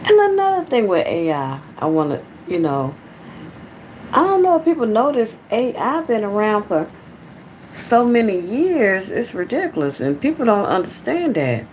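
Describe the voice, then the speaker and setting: A woman's voice: medium pitch, big pitch swings, moderate pace, a little mellow, a little hiss or hum. A woman from Atlanta with a Southern American accent, chatting casually and rambling to her viewers on a phone livestream from home. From Atlanta, Georgia, USA. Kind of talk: casual live-stream chat.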